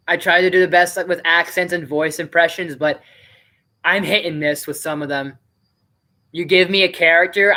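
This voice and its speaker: Bright-voiced man rambling on a live stream. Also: a little high. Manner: rambling and chatty, with many fillers. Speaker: live streamer and movie reviewer. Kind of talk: casual live-stream commentary.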